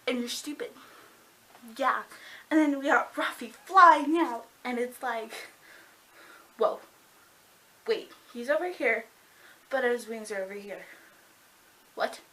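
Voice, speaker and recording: A woman gushing excitedly about a book in a casual review vlog, full of "like" and breathless reactions. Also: on the high side, takes it slowly, long pauses, low-quality recording. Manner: gushing and excitable, heavy use of "like".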